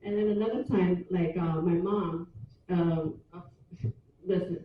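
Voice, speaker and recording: A woman's voice: fairly low pitch, steady tone, a little slow, slight background noise. Laughing stand-up comic woman, echoey room. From New York City. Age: 40s. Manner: loose, chatty, laughs at own jokes. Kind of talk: open mic stand-up. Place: small hotel open mic room. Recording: far-off dull echoey mic with ambience.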